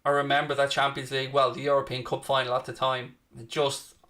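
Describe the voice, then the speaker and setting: A young man's medium-pitched voice comes across flat, a little fast, pushed, and bright. He hosts a live football watchalong, giving stream commentary and chatting casually while answering viewers by name.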